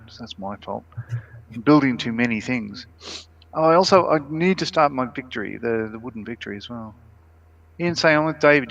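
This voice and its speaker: A man's voice: mid-range voice, vocal fry, a bit bright, slight background noise. A man co-hosting a casual live stream, reading viewer comments aloud and laughing often. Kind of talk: casual chat. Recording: dull lo-fi stream audio.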